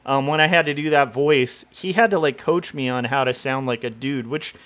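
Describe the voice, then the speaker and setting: A man's voice: mid-range voice, normal speed, a bit bright. A middle-aged man from Southern California chatting casually on a livestream, rambling with lots of fillers and laughing at himself. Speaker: comic artist streamer.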